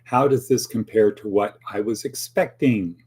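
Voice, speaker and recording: A man's voice: lowish voice, measured pace, a little mellow, breathy edge. A man hosting a casual daily motivational monologue, rambling with playful asides and acted-out quotes. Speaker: host of a daily motivational talk.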